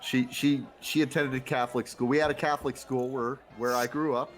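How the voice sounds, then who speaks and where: A man's voice: medium pitch, steady tone, fairly quick. A man co-hosting a casual live show, rambling through childhood memories and repeating words as he restarts. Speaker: podcast co-host. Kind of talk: casual chat.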